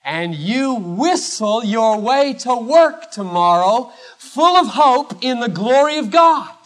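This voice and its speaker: Man, pastor, sermon, slow deliberate delivery, animated swooping pitch, loud then hushed. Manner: emphatic, swinging from loud declaration to hushed low phrases with long pauses.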